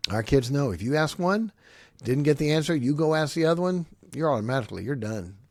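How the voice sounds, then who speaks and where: Emphatic gravelly-voiced man preaching. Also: on the high side, a little fast, no echo. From grew up on a farm. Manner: emphatic, repetitive, lively with short punchy phrases. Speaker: podcast host giving family advice. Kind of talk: preaching-style advice talk.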